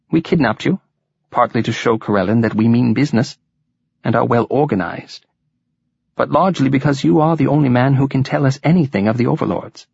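A man voicing an elderly, thick-set resistance leader with a musical, softly lilting Welsh accent. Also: medium pitch, vocal fry, breathy edge, dry recording, voice pushed up. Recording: dull lo-fi recording.

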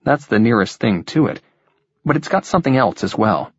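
A man's voice: medium pitch, lively intonation, brisk, breathy edge, dry recording, highs cut off. A man playing a dry-humored easygoing husband. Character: easygoing husband, teasing and wry.

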